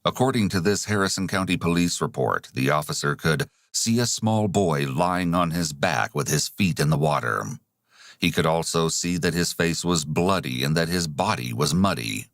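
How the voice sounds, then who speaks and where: Deep man narrating a true-crime story. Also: gravelly, no room sound, clean studio sound. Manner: measured, even narration.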